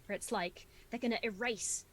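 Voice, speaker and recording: A woman's voice: a little high, fairly even intonation, normal speed, crowd noise, poor audio. A woman from England, a guest on a casual call, who jokes sarcastically and laughs often. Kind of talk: casual conversation.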